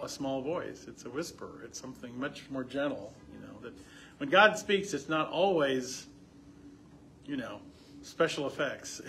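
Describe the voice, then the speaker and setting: A slightly high-voiced man teaches scripture in a relaxed, conversational way. He asks his listeners questions and lifts his voice when he reads passages aloud. Faint room noise sits under him. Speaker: pastor leading a Bible study.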